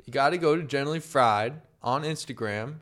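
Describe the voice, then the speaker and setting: A man co-hosting a podcast in relaxed casual chat, swearing often. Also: mid-range voice. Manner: laid-back, profane, drawn-out phrasing. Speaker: podcast co-host.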